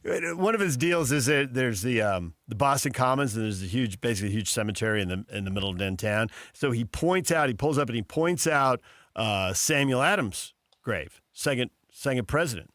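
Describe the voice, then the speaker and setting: A man's voice: medium pitch, lively intonation, fairly quick, a bit bright, no room sound, clean studio sound. A man hosting a morning sports talk radio show, telling stories in a chatty, joking way. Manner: chatty storyteller, laughs often.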